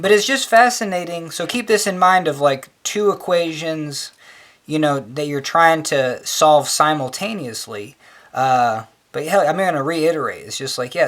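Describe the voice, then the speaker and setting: A man's voice: a little high, a bit bright. Rambling man explaining a logic puzzle. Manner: chatty, filler-heavy, says "hell yeah" a lot. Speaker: math tutor.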